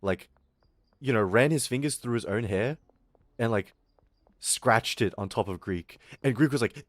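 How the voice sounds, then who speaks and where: A young man streaming, telling a school story in a casual, animated, swearing way. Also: medium pitch, unhurried, long pauses, no room sound, studio quality.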